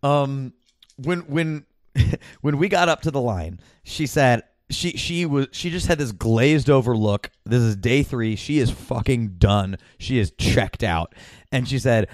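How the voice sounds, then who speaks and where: A man's voice: mid-range voice, normal speed, no room sound, clean studio sound. Rambling male podcast host. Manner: rambling, with many fillers and restarts and swearing. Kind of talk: casual chat.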